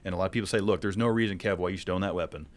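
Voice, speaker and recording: A man co-hosting a podcast, making quick, soft-spoken remarks in a casual chat. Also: deep voice.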